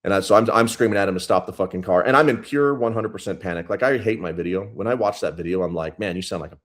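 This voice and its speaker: Blunt, profane man with a very deep voice. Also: fast. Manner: blunt, profane, intense retelling. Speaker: police sergeant guest. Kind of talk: casual storytelling interview.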